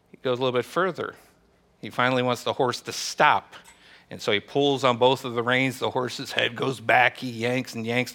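Bright-voiced joking preacher. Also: male voice, medium pitch. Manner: chatty, joking, laughs easily. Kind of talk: casual joke-telling and church teaching. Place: small church gathering.

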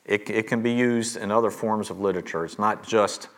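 Casting: middle-aged male Bible teacher, emphatic, repeats key lines slowly. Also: fairly low pitch, fairly even intonation.

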